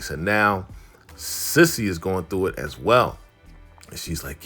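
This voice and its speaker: A man casually recapping a TV drama episode, telling the story with frequent chuckles and animated asides. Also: sits low, slow pace, husky, soft background music. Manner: animated storytelling, chuckles often, acts out characters' lines. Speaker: show recap host.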